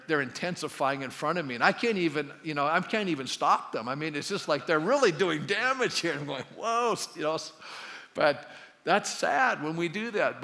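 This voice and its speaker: Conversational pastor in a reverberant hall. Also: male voice, fairly high pitch, bright, forceful tone. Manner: conversational, asks the congregation questions. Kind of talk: sermon. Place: church sanctuary. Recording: long church hall reverb.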